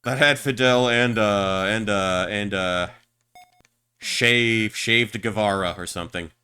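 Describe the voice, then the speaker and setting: A man chats casually while he streams a game, rambling and stammering through crude jokes. His voice sits a little low but sounds bright and forceful. Faint game music plays behind him. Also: takes it slowly, smooth. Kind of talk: casual gameplay chat.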